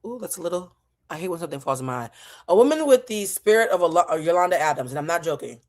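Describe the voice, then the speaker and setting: A woman hosting her channel, telling a story in an animated, profane, dramatic way. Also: lowish voice, fast. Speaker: host. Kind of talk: casual comedic storytelling.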